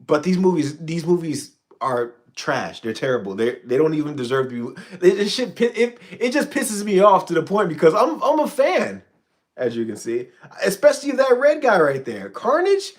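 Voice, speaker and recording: A man's voice: on the high side, very animated, normal speed. A man hosting a casual livestream, ranting in a profane, rambling way with frequent stammered restarts. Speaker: channel host.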